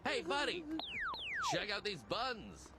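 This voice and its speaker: Goofy cartoon kid Gene. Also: male voice, sits high, wildly swooping pitch, slow, heavy background noise, heavily acted. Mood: playful. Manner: playful, silly, swooping between voices. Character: goofy, showy boy who loves performing. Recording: cartoon audio over very loud music.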